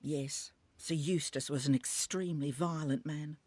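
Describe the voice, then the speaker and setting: A bitter, loyal servant. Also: female voice, sits low, steady tone, a little slow, darkish tone, no room sound. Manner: formal, period-style speech with bitter contempt. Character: loyal female servant, bitter about her cruel late master.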